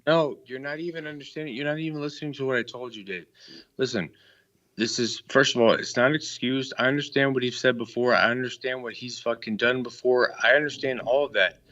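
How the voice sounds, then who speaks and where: A man's voice: medium pitch, brisk, fairly bright tone. A male caller on a live stream, defensive and rambling, swearing a lot in a heated argument. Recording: dull lo-fi call-in audio.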